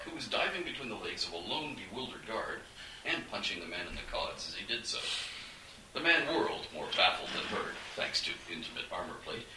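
A man narrating a fantasy adventure audiobook in an animated, dramatic storytelling manner. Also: mid-range voice. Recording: echoey room, distant mic, faint hiss.

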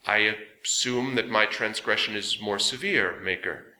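A man's voice: fairly low pitch, a little slow, pushed and bright, reverberant, poor audio. A man voicing an earnest robot caretaker. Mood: respectful. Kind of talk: audiobook character voice.

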